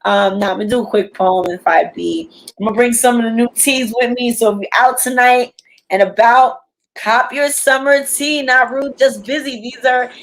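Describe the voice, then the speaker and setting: A woman's voice: a little high, a little hiss or hum. A woman hosting a podcast, signing off in a loose, rambling way from a studio. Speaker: podcast host. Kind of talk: casual sign-off chat. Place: studio headquarters.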